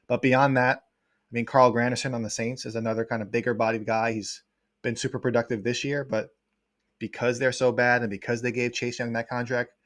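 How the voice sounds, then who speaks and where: Fast-talking man, dry close sound. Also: medium pitch, no echo. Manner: quick, rambling with many fillers. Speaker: guest sports writer. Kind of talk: casual livestream chat.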